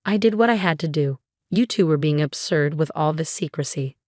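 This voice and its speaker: A defiant, meddling grandmother who scoffs at boundaries, as a woman narrator puts her on. The voice sits a little low. The sound is dry and close. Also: lively intonation, brisk, a little mellow, no echo.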